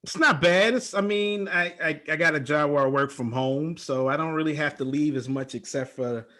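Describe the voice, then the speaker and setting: A middle-aged man from England, a guest chatting casually and trailing off softly at the ends of his thoughts. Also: on the high side, normal speed. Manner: relaxed, self-deprecating, trails off softly. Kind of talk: casual conversation.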